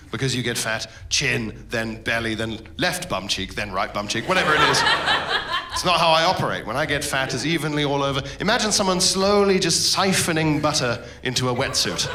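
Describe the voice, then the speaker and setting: A man's voice: mid-range voice, animated, fairly quick, heavy background noise. Dry, self-mocking male comic. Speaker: stand-up comedian. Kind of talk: stand-up set. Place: comedy club stage with audience. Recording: roomy live club recording with laughter.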